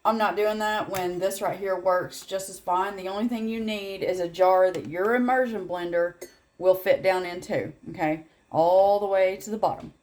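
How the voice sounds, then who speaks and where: A middle-aged Southern woman walks through a homemade recipe in an easygoing, rambling way. She drifts into asides and small laughs as she goes. Her voice sits at an ordinary, middle pitch. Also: steady tone, normal speed, darkish tone. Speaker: home cooking channel host. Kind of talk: casual cooking demonstration.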